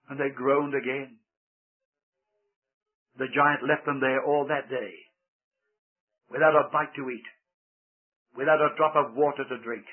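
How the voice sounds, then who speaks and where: Husky male storyteller on tinny radio. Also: medium pitch, unhurried, pauses often. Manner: lively, playful asides. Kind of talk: dramatic storytelling narration. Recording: tinny old radio broadcast.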